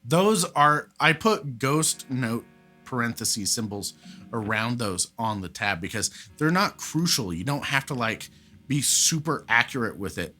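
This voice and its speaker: A man giving a casual beginner guitar lesson, chatty and relaxed, counting out rhythms. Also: mid-range voice, unhurried. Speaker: guitar teacher. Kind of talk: casual instructional talk. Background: guitar playing.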